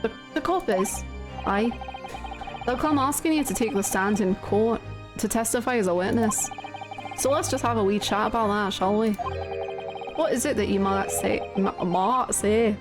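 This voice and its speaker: A woman voicing a menacing male crime boss in a video game, reading his threats slowly in a wobbly put-on Scottish-Irish accent, with game music behind. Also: mid-range voice, lightly acted. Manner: slow, threatening, drawn-out. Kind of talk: reading game dialogue aloud.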